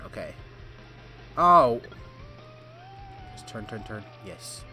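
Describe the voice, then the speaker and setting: A man streaming live gameplay, reacting excitedly, yelling and laughing at the game. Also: fairly low pitch, measured pace, long pauses, faint music behind. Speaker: gaming streamer.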